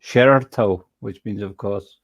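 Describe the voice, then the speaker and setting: A man's voice: lowish voice, highs cut off. Rambling Englishman on voice chat. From England. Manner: rambling, halting restarts. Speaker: chat host. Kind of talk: casual online chat.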